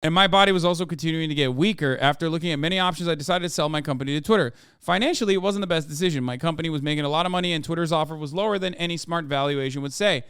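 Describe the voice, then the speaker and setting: Man putting on a smooth Icelandic accent, reading a letter, brief. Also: on the high side, racing, few pauses, fairly bright tone, no echo, studio quality, close to an everyday voice. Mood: earnest. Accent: put-on Icelandic.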